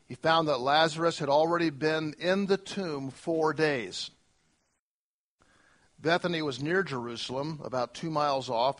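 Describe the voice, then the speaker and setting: Man preaching a relaxed, chatty sermon. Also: on the high side. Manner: conversational preaching with pauses and restarts; self-deprecating humor with laughs. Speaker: pastor.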